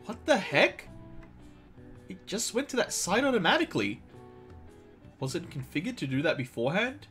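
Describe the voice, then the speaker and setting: Male streamer, animated, chatty, jokey, stumbles over words, faint music behind. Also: high-pitched, moderate pace, long pauses. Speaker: let's play streamer. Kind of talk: casual game commentary.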